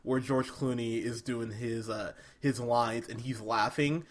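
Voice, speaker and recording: A man's voice: mid-range voice, steady tone, measured pace. A man co-hosting a movie podcast, chatting casually and animatedly, often laughing and restarting his sentences. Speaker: podcast co-host. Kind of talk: casual movie review chat.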